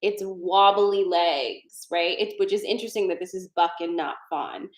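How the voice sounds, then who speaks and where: A woman's voice: on the low side, moderate pace. A woman hosting a casual live tarot card reading, chatty and digressive, laughing often. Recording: roomy echo.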